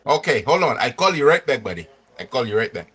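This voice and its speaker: A man's voice: mid-range voice, very animated, fast talker, fairly bright tone, slightly rough. Bit role: man voicing a pushy dispatcher, chopped broken phrasing, keeps calling you buddy. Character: pushy male truck dispatcher, broken English.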